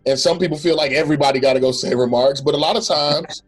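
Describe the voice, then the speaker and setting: Guy talking faith stuff, earnest, restarts a lot, soft music behind. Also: on the high side, fast, breathy edge. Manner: earnest and reflective, quotes imagined speech, restarts often. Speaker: podcast co-host. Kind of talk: casual faith-based conversation.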